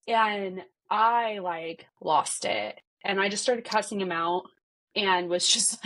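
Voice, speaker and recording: A woman's voice: mid-range voice, slow, fairly bright tone. A woman in her thirties, a podcast guest, retelling a personal story with many "like" fillers and acted-out dialogue.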